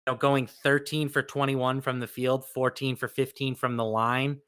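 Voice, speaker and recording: A male betting analyst with a bright, forceful voice that comes across smooth and crisp. He sounds measured and matter-of-fact and builds his case from numbers. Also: medium pitch, level tone.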